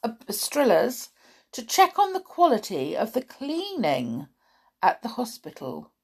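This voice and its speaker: Brief: young boy bluffing grandly, pompous tone, lively pitch, woman narrator's voice. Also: measured pace, slightly rough, full character voice. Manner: pompous, mock-formal.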